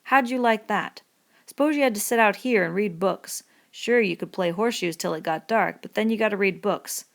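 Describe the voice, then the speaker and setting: A woman reading the part of a bitter, lonely middle-aged male stable hand in a rough rural dialect, in an audiobook. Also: mid-range voice, moderate pace, pitched above the performer's own voice, natural voice.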